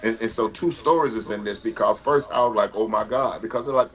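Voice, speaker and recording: Man in his fifties, lowish voice, animated storyteller who stumbles over his words. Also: fairly quick. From Mississippi, US. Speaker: guest. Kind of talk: conversational storytelling.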